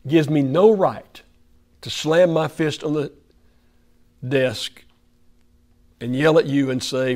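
A man's voice: fairly high pitch, fairly even intonation, slow pace, pauses often, a little mellow. A man with an Oklahoma accent preaching a folksy, conversational sermon in a church fellowship hall, putting questions to the room.

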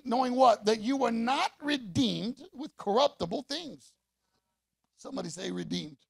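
A man preaching a rousing call-and-response sermon as pastor, rising to shouts. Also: sits high, vocal fry, husky.

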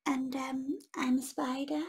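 A woman voicing a tiny, timid spider who speaks in a hushed, hesitant whisper, in a storybook reading. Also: high voice, flat delivery, measured pace, breathy edge, full character voice. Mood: timid whispery.

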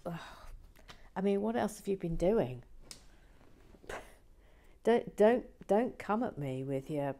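A woman hosting a relaxed building vlog from her shed, reading comments with dry teasing humor and soft whispered asides. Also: mid-range voice, takes it slowly, long pauses. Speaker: vlog host. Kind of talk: casual chat while building and reading comments.

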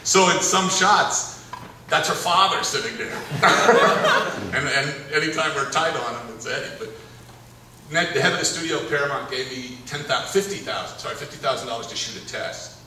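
This director's voice runs on the high side at a moderate pace as he tells animated, rambling stories with frequent chuckles at a live Q&A. Captured from far off in an echoey hall, the noisy background carries crowd murmur, laughter, and room ambience.

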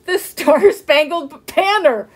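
Teasing schoolgirl big sister, high-pitched and overdone, read by a woman. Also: huge pitch swings, brisk. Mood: laughing. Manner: high, giggly and exaggerated. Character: older sister girl, teasing tattletale.

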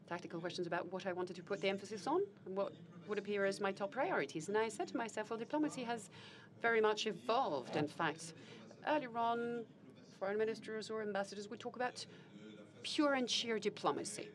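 A woman voicing a live interpretation in a formal, measured register. Her pitch sits at a middling level for a woman. She often pauses on fillers and restarts or corrects a word as she keeps pace with the speaker. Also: a crowd in the background. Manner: halting, with fillers and self-corrections. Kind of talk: simultaneous interpretation of a panel conversation.

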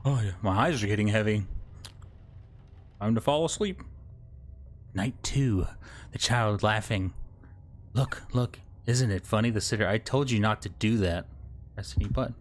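A young man's somewhat low voice moves at normal speed with long pauses as he commentates a let's play. He cracks jokes at an on-screen baby, addresses it directly, and now and then lets out laughs and yelps.

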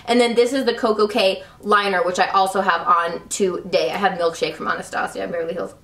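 A woman's voice: mid-range voice, fairly even intonation, brisk, a bit bright, distant mic. A woman in her thirties reviewing her favorite beauty products in a gushing, chatty way. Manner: gushing, chatty, full of "like" and "love". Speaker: beauty vlogger. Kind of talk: casual product review chat. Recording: roomy, a little off-mic.

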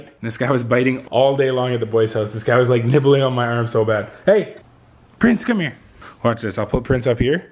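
A young man chatting in a casual vlog, hyped and slangy, swearing now and then. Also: mid-range voice. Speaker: vlogger.

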